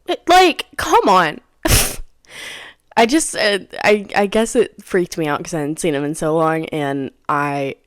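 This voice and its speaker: A woman's voice: fairly low pitch, dry recording, studio quality. A young woman in her twenties hosting a podcast, telling a story in a casual, dramatic way, repeating phrases and dropping into whispers for emphasis. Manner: animated, dramatic retelling with sudden whispers and cries; repeats phrases for emphasis, says "dude" and "girl". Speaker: podcast host.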